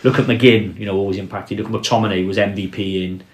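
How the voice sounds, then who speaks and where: Low-voiced man talking football, roomy room. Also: fairly even intonation. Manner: measured, trails off and restarts, drops his voice on key points. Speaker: podcast co-host. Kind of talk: casual football chat. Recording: roomy echo.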